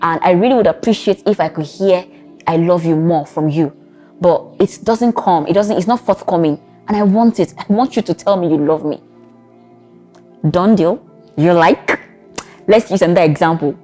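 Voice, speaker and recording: A woman with a Nigerian accent giving relationship advice in a vlog, animated and acting out both sides of arguments. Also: on the low side, moderate pace, soft background music. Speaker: relationship coach.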